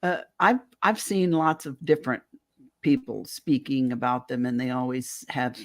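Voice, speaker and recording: A woman's voice: extremely low pitch, normal speed. A woman co-hosting a radio talk show, chatting casually and murmuring supportively. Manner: supportive, frequent backchannel murmurs. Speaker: co-host.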